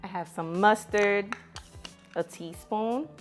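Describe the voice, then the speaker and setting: A woman's voice: mid-range voice, slow, soft background music. Chatty woman hosting a cooking video. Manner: chatty, talks straight to viewers as "you guys". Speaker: cooking channel host. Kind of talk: casual cooking tutorial.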